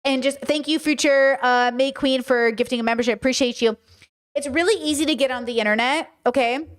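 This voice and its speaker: A young adult woman hosting a casual livestream commentary, blunt and animated, now and then slipping into silly voices and sung bits. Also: high voice, brisk. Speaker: podcast host and live streamer.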